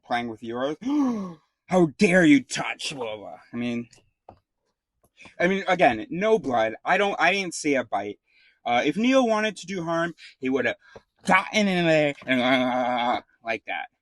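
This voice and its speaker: A male vlogger addresses the camera with an animated, slightly slow, somewhat bright medium-pitched voice. His rambling, casual story is packed with profanity, fillers, and false starts, recorded without echo.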